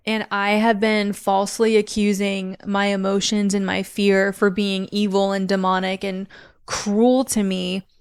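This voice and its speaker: A woman's voice: medium pitch, clean tone. A young woman hosting a podcast, talking candidly about therapy and faith, with many "like" fillers. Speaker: podcast host. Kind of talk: personal faith talk.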